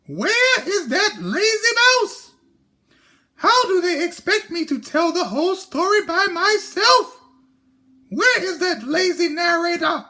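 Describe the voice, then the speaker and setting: A man's voice: very high voice, pushed and bright, voice pushed up, heavily acted. A man voicing a fussy little red hen in a children's storybook reading, with an indignant, squawking manner. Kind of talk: children's storybook read-aloud.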